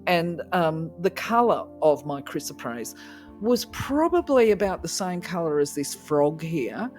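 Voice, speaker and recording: A woman hosting a crystal channel, telling a rambling story in a lively, casual way and acting out the dialogue. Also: sits low, a little slow, soft background music. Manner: animated, rambling, acts out quoted dialogue.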